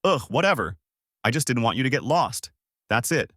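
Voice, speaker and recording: A man's voice: mid-range voice, sing-song, a little fast, fairly bright tone, dry recording, studio quality. A man voicing an impatient, bossy young woman adventurer in a fan-made story reading. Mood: snippy. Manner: snappy and sarcastic.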